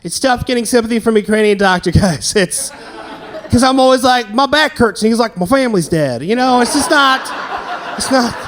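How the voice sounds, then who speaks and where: A man's voice: very high-pitched, steady tone, brisk, fairly bright tone, slight background noise. A man in his thirties from the American South doing a self-deprecating stand-up set, chatting with the crowd between jokes. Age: 30s. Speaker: stand-up comedian. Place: comedy venue with live audience. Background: audience laughter.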